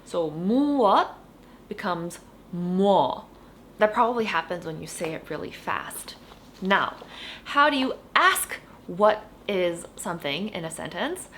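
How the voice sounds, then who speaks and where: A woman giving a casual online Korean lesson, chatting in English and saying each Korean example slowly and clearly, then repeating it. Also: lowish voice, very animated, fairly bright tone, a little hiss or hum. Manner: chatty, explains with "like" and "you know". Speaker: Korean language teacher.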